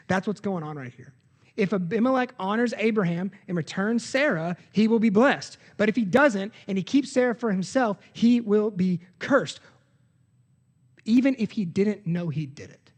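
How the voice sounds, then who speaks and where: A man's voice: high-pitched, moderate pace, darkish tone. Man, 30s, pastor, earnest conversational sermon, long church reverb. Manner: earnest, conversational preaching with anecdotes and self-corrections. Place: church sanctuary.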